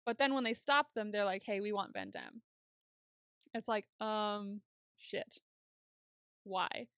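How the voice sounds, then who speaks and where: A woman co-hosting a podcast casually recaps a TV episode, acting out the characters' lines in an animated retelling and laughing often. Her medium-pitched, smooth voice takes things slowly, with studio quality and no room sound.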